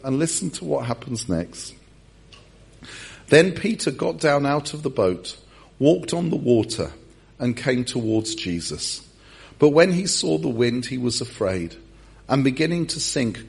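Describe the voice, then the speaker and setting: A man's voice: mid-range voice, big pitch swings, a little slow, creaky, husky. A man, a pastor giving a humorous sermon in a church service and acting out the story. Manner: humorous storyteller with comic voices.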